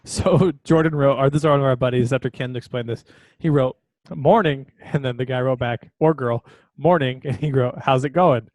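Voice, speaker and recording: A man's voice: mid-range voice, fairly even intonation, fairly quick, darkish tone, no echo. Guy on a podcast telling a funny story, keeps laughing, says uh a lot, dry close sound. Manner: storytelling with frequent laughs and fillers. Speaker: podcast co-host. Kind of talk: casual chat.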